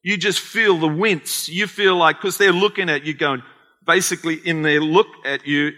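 A man with an Australian accent preaching a sermon as pastor, animated and acting out conversations. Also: on the high side, moderate pace. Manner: animated, acts out quoted conversations. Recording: long hall reverb.

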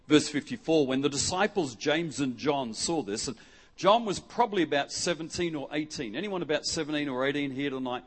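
Middle-aged preacher, husky voice, casual and jokey with the congregation, plays out little quotes. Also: male voice, medium pitch, lively intonation, fairly quick. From Western Australia. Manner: jokey and conversational, acts out quotes. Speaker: guest preacher. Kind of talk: lively sermon with audience interaction. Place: church hall before a congregation.

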